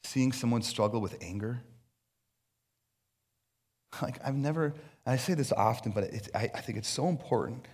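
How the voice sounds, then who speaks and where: A man's voice: medium pitch, moderate pace, long pauses, a little mellow, husky. A man preaching a sermon on stage in a loose, conversational way, acting out little voices as asides. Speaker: pastor. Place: on stage before a congregation.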